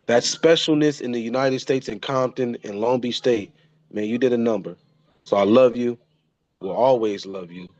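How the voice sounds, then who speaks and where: A man in his thirties speaks an emotional tribute to his father, stumbling over and repeating his phrases. His voice sits at an ordinary middle pitch. The sound is dry and a little muffled. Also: normal speed, darkish tone, no room sound. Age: 30s. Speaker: son paying tribute. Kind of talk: heartfelt spoken tribute.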